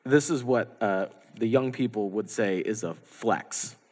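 A man preaching a sermon as the pastor, animated and lively, acting out the quotes he tells. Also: on the low side, measured pace. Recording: long hall reverb.

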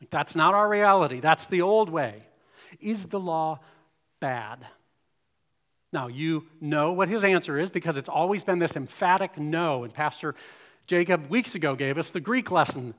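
A man's voice: on the high side, lively intonation, measured pace, fairly bright tone. Man preaching in a reverberant hall. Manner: expository preaching, reads scripture aloud. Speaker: pastor. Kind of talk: sermon.

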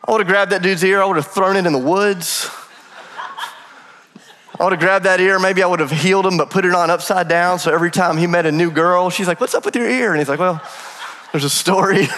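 A man preaching a sermon as pastor, telling stories lively and acting out paraphrased dialogue with jokes. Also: high voice, moderate pace, long pauses, in a large hall, a little hiss or hum.

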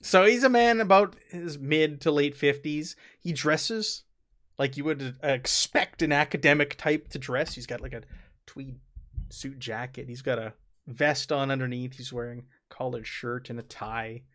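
A man's voice: medium pitch, unhurried, fairly bright tone. A man narrating a tabletop game as game master, chatty, with frequent fillers and laughter.

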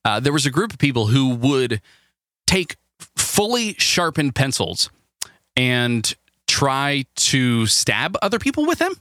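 Rambling man hosting with a bright voice. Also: medium pitch, big pitch swings, takes it slowly, dry recording, studio quality. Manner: rambling, stammering, laughs often. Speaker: podcast host. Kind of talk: casual comedic chat.

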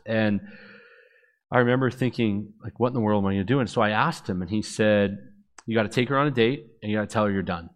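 Man, lowish voice, relaxed conversational testimony talk with plenty of fillers and acted-out quotes. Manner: conversational, filler-heavy storytelling; acts out quoted dialogue. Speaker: speaker sharing his testimony.

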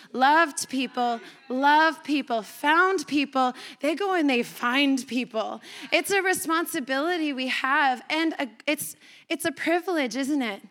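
A Canadian-raised woman pastor delivers a sermon in a conversational, animated manner. Her voice sits high and sounds bright and forward. She slips into quoted back-and-forth dialogue as she tells her story.

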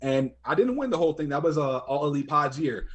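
A man's voice: a little high, sing-song, quick pace, dull audio. A man talking as a guest on a casual podcast, chatty and easygoing.

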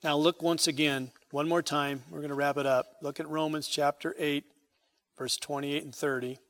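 A male pastor preaching with emphatic force, his voice pitched a bit above the usual for a man. He builds loud on key phrases, then falls soft at the close of each line. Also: little pitch movement, normal speed. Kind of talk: sermon.

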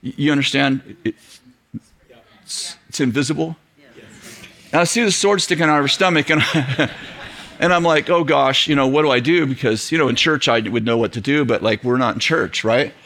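Middle-aged guy preaching, lively storytelling sermon, bright tone, keeps laughing and putting on voices. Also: mid-range voice, normal speed. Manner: animated, acts out quoted voices, laughs often. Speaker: pastor. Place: church auditorium with audience.

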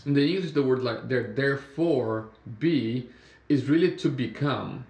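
A man from Brazil with a Brazilian Portuguese accent, co-hosting a casual Bible study discussion, talking haltingly with many restarts. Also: medium pitch. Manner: halting, many restarts, animated when telling stories. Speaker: podcast co-host. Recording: roomy echo.

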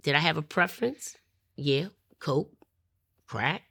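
Low-voiced woman telling her testimony. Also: takes it slowly, gravelly, husky, no room sound. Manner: animated, acts out the people in her story. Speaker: interviewee. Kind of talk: personal testimony storytelling.

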